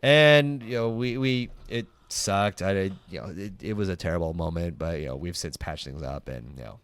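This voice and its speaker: A man's voice: low voice, normal speed, fairly bright tone, clear, resonant tone, dry recording. A young man hosting a casual podcast, telling stories in a rambling way full of fillers and restarts. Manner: rambling, filler-heavy storytelling. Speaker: podcast host. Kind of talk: casual chat.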